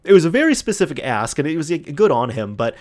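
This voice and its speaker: A man hosting a solo podcast, telling a long anecdote in a casual, animated way, acting out the other people's lines and often restarting his sentences. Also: a little high, quick pace. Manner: animated retelling with quoted voices, frequent restarts. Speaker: podcast host.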